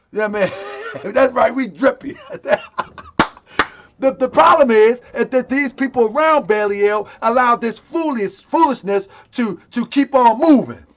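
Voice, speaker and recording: Very high-voiced man, emphatic and slangy. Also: a little hiss or hum. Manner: animated, laughing often, slangy and emphatic. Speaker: temple leader addressing his followers. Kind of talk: casual livestream rant.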